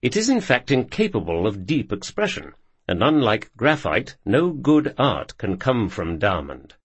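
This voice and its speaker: Earnest lecturing male art teacher with a lively, husky voice, read by a narrator. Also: mid-range voice, a little slow, dry recording.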